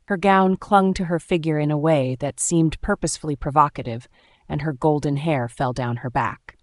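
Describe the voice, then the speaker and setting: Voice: mid-range voice, fairly even intonation, moderate pace, no room sound. A narrator reading a first-person romance story aloud with dramatic, emotional delivery.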